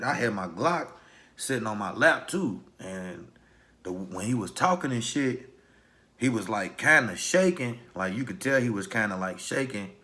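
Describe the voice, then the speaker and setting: A young man from Louisville, Kentucky, casually telling a personal story in heavy street slang with animated retelling. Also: medium pitch. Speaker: vlogger.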